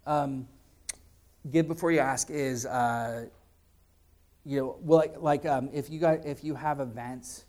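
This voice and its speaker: Man, conference speaker, mellow dark tone, loose chatty delivery with ums and restarts. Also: mid-range voice, fairly even intonation, measured pace, long pauses. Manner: casual, many fillers and restarts. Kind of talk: live presentation and Q&A. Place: conference room with audience.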